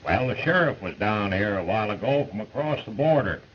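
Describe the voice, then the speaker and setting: An actor playing a friendly, joking outlaw cowboy who talks in a folksy, joshing way, in 1930s film acting. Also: male voice, on the low side, animated, brisk, lightly acted. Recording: muffled old film soundtrack with hiss.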